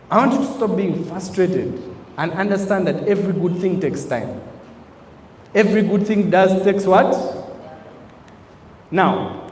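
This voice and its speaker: A man gives a motivational talk in the preaching style of a pulpit, throwing questions at his listeners. His voice sits high and swings widely in pitch. The sound bounces around a large hall with a long tail and a faint hum of ambience. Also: a little mellow. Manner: emphatic, preacher-like, asks the crowd questions. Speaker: network marketing trainer. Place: training hall with an audience.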